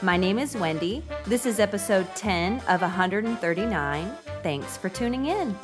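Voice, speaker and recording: A woman's voice: mid-range voice, animated, normal speed, over music. A young woman hosting a podcast, bubbly and gushing, talking in an upbeat monologue. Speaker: podcast host.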